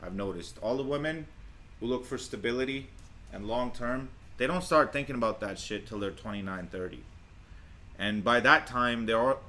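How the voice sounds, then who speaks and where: A man's voice: mid-range voice, bright, forceful tone. A man doing crude reaction commentary on clips, boastful and blunt, swearing freely.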